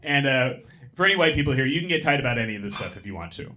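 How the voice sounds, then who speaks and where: A young man doing stand-up on a comedy club stage, talking into a handheld mic and delivering quick, deadpan punchlines. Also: mid-range voice. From San Francisco. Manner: deadpan, quick punchlines, mock voices for bits.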